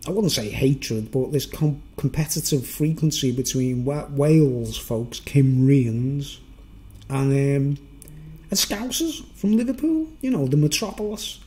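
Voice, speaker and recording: A man's voice: medium pitch, unhurried. A man talking in a rambling, hesitant monologue, often restarting and chuckling. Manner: animated, with chuckles. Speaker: vlogger.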